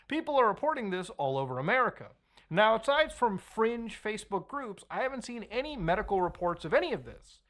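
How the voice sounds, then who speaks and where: Skeptical man commenting, lively pitch. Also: fairly quick. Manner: conversational, skeptical. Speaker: online commentator. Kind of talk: commentary video narration.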